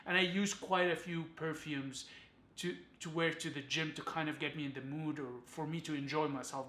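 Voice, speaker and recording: A man's voice: a little high, sharp tone. A man reviewing a perfume in a casual vlog, talking enthusiastically and speaking straight to his viewers. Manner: enthusiastic, addresses viewers directly. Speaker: fragrance reviewer. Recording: echoey room.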